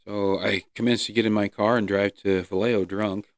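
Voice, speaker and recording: A man hosting his own podcast, earnestly telling his personal recovery story with pauses and fillers. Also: fairly low pitch, level tone, no echo, clean studio sound. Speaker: podcast host. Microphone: close podcast mic.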